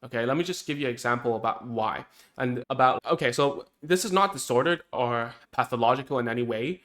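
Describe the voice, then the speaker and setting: A man's voice: mid-range voice, fairly quick, a bit bright. Chatty man explaining speech therapy. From Cantonese-speaking Chinese community. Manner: conversational, frequent "right?" and "man". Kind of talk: casual teaching talk.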